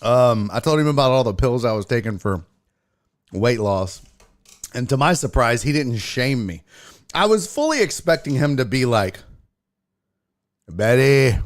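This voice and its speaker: Lively, profane male podcast host. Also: mid-range voice, normal speed, no echo. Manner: animated, profane storytelling with acted-out sighs. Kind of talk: casual livestream chat.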